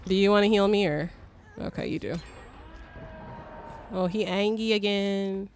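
A young woman streamer giving live gameplay commentary, excitable, swearing and shrieking when startled. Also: medium pitch, measured pace, slight background noise.

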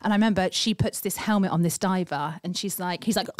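A woman co-hosting a casual chat podcast, animated, with stammering restarts and dramatic retellings. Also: mid-range voice, brisk, few pauses, no echo, clean studio sound. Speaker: podcast co-host.

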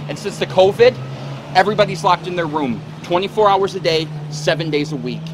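A man's voice: high voice, a little fast, background noise, close to an everyday voice. A man playing a crude, bullying man who swears and threatens, recorded outdoors. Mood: menacing. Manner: profane, threatening.

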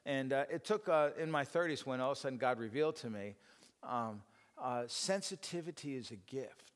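A man's voice: medium pitch, lively intonation, moderate pace. A middle-aged man giving an informal church teaching talk, rambling and self-deprecating, with many fillers and restarts. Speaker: speaker at a church teaching session. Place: church hall. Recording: long hall reverb.

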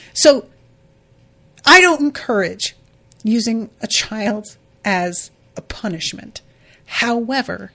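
Woman on a book podcast, voice going hoarse, swears a lot, a bit high. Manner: blunt, profane, exasperated commentary. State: losing her voice. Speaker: podcast host. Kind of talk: casual book-discussion podcast.

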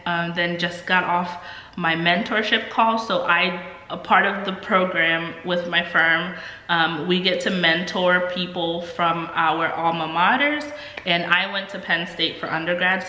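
Stuffy twenty-something woman vlogging, bright low-ish voice, lots of um and like, echoey room. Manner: chatty, many ums and likes. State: stuffy, under the weather. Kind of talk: casual vlog chat.

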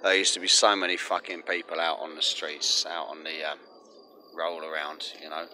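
A man's voice: very deep voice, flat delivery, moderate pace, sharp tone. An English man rambling and swearing heavily while vlogging on a street outdoors. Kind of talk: rambling casual vlog. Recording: outdoor street with faint traffic.

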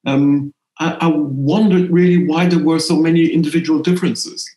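Man, French accent, middle-aged, slightly high voice, hesitant and reflective, roomy echo. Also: fairly even intonation, moderate pace, warm tone. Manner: thoughtful, hesitant, frequent restarts. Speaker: interviewee, language professor. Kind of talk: conversational interview.

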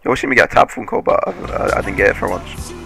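A man giving casual, excitable game commentary, swearing often and laughing at his own play. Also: lowish voice, rapid-fire, creaky, soft background music. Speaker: gaming commentator.

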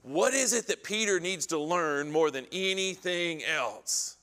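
A man leading an adult Bible class with a somewhat high voice that rings bright and sharp. He is animated, acting out scripture quotes and firing questions at the class. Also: a little slow, long reverb tail.

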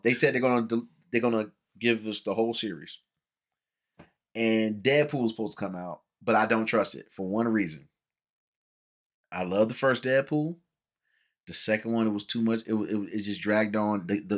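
A man hosting a casual movie review chat, animated, repeating words and acting out the people he quotes. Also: fairly low pitch. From Cincinnati, USA. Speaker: podcast host.

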